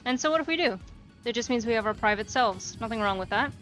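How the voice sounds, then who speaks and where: A woman's voice: on the high side, animated, fast talker, a bit bright. A woman reading a taunting, creepy stalker from a game, sneering and teasing as she goes. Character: taunting creepy stalker who mocks the player. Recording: faint music behind.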